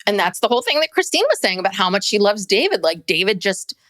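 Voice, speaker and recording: A woman's voice: mid-range voice, sing-song, fast, a bit bright, no room sound, clean studio sound. A woman in her forties co-hosting a podcast, chatting casually and asking incredulous questions about a reality show. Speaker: podcast co-host. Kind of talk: casual reality TV recap chat.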